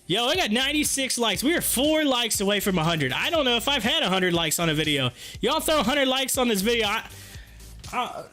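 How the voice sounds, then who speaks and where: A man hosting a casual livestream, reading chat and talking in an excited, chatty, folksy way, a bit hoarse. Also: high voice. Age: adult with kids. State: hoarse, losing his voice.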